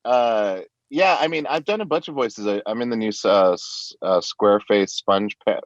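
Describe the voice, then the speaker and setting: A man with a very low voice talks casually as a podcast guest, playful and quick to laugh. The recording is dry and a little dull, with no room sound around him. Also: dry recording. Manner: playful, laughs often, slips into put-on accents. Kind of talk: casual interview chat.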